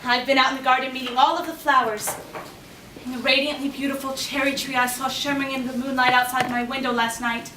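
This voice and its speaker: A woman's voice: high voice, little pitch movement, fast, lightly acted. An actress playing an eager, dreamy orphan girl who talks in a gushing, effusive way, in a stage play recorded from a distance. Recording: echoey hall, distant mic, faint noise.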